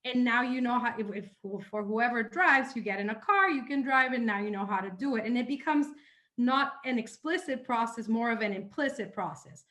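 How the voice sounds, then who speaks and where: A woman's voice: fairly high pitch, normal speed, bright, forceful tone. A woman presenter on a video call, eagerly explaining a concept and repeating words as she goes. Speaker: presenter, psychology trainer. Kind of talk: explanatory lecture.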